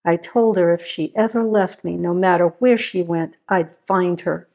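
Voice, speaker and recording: A woman voicing an injured, suspicious husband in a storybook reading, speaking slowly and broodingly. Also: on the low side, creaky, darkish tone. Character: injured middle-aged husband, angry and suspicious.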